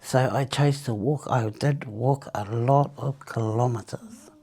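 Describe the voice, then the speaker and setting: Her bass voice is slow and mellow with a breathy edge. Interviewed as a former smoker, the New Zealand woman chats through her story of quitting, often laughing and performing the things people told her.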